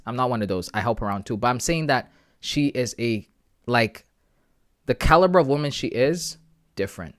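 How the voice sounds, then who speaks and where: A man from Canada hosts a live stream from his home. He talks casually at a middle pitch, reading out viewer messages and answering them one by one. He sits close to a sensitive desk mic. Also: fairly quick, a bit bright.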